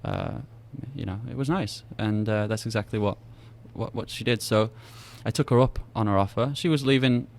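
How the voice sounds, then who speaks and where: A man's voice: fairly low pitch, moderate pace, hardly any pauses. A young British man chatting as a podcast guest, telling stories with lots of restarts and acted-out dialogue. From Britain. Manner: rambling storyteller who acts out dialogue with repeated restarts. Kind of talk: casual chat.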